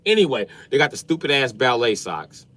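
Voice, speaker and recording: A man, ranting comically about family life in a stand-up style, swinging from muttering to yelling. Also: mid-range voice, big pitch swings, fairly quick. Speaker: comedian. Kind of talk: stand-up style comedic rant.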